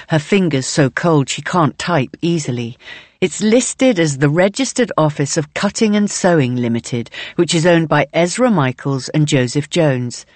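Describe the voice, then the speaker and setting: A woman reading a novel aloud in measured, present-tense audiobook narration. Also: sits low, a little mellow, no room sound.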